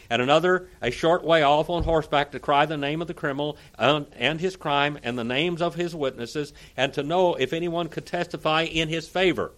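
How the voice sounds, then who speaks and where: A man with a voice on the high side is preaching, reading a long text aloud with dramatic emphasis. He pauses to explain it and sometimes stumbles over difficult words.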